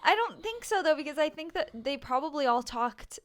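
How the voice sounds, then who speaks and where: A woman's voice: high-pitched, animated, fairly quick, fairly bright tone. A young American woman co-hosting a podcast, joking in casual chat. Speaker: podcast co-host.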